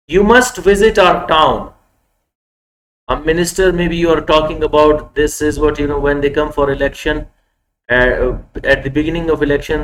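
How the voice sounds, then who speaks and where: A man's voice: mid-range voice, poor audio. A man giving a grammar lecture, stressing each example sentence and often restarting words. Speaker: English grammar teacher.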